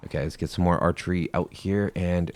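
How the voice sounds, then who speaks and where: A man's voice: low-pitched, steady tone, a little fast. A man giving playful gameplay commentary, talking to himself and cracking corny jokes as he plays. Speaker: gaming YouTuber.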